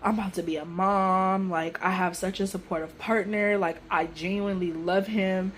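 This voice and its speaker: A woman's voice: medium pitch, moderate pace, a little hiss or hum. Emotional woman telling a storytime vlog. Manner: emotional, animated retelling with slang. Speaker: vlogger. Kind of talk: casual storytime.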